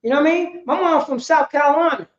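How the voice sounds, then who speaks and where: High-pitched woman running a class, roomy, muffled recording. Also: quick pace. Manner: keeps asking "you know what I'm saying?". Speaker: class leader. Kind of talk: informal group lesson, questioning the class. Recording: echoey room, dull muffled sound.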